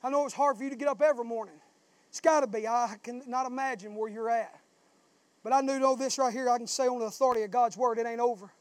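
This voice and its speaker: A male pastor preaching a sermon, rising from plain talk into impassioned shouting. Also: extremely high pitch, fairly even intonation, fast, no echo. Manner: southern-style preaching, swells into shouting.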